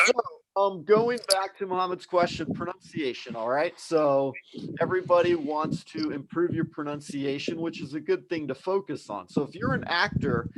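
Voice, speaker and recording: A man's voice: fairly high pitch, noisy background. A man hosting a live online English class, explaining things in an encouraging, conversational way.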